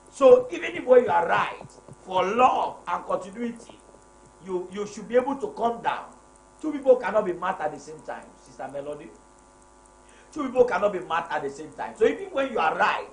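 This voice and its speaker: Emphatic high-voiced preacher man, echoey room. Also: fairly bright tone. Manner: emphatic, repeats key phrases, preacherly. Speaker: pastor hosting a live marriage program. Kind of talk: live-stream chat reading viewer comments. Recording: echoey room with faint noise.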